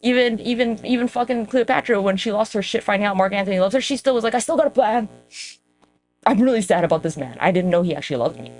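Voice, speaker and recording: A woman's voice: medium pitch, expressive, racing, few pauses, a little mellow. A woman hosting her own podcast, rambling in a casual, profane, self-mocking monologue aimed straight at her viewers. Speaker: podcast host.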